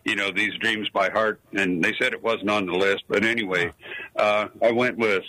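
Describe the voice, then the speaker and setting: A man's voice: lowish voice, fairly even intonation, normal speed, pushed and bright, no echo, poor audio. An older man calling in to a radio show, chuckling and rambling as he chats. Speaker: caller. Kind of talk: call-in chat.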